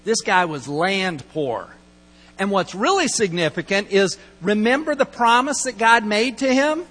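A man's voice: high-pitched, lively intonation, normal speed, fairly bright tone, slightly rough. A middle-aged man pastor giving a conversational, storytelling sermon and acting out quoted lines. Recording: long hall reverb, mains hum.

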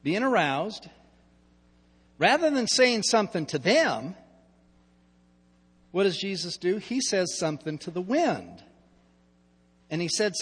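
High-voiced husky male pastor preaching. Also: very animated, measured pace, pauses often. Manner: storytelling with asides, swings between loud and hushed. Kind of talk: sermon. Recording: long hall reverb.

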